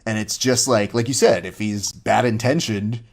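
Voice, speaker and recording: A fairly low-voiced man hosts a relaxed interview. He tells his stories with real energy and jumps into the voices of the people he quotes. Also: normal speed. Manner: animated storyteller who acts out quoted lines. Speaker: podcast host. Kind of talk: casual interview chat.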